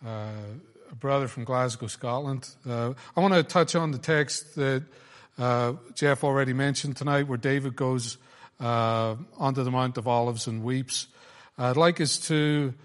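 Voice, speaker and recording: An Irish man guides a group through a Bible study in an easygoing, chatty way, pausing on plenty of "uh"s. His voice sits in a middle register. A long reverb trails behind him, as if he is in a large hall. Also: mid-range voice. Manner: relaxed, chatty, frequent "uh" fillers.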